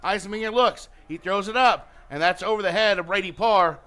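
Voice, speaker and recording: A man calling a high school football game live on radio as play-by-play announcer, with quick play calls that climb to shouts on big plays. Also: poor audio. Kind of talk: live radio sports commentary.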